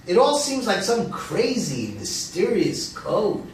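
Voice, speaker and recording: Older man, quick jokes, wide lively pitch, fairly high voice; a man plays it on a roomy, far-off video-call line with faint hiss. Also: exaggerated voice. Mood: joking. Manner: jokey, chatty, laughs at his own lines. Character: wisecracking older man, restless and joking. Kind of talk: virtual play reading. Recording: echoey, distant video-call audio with faint noise.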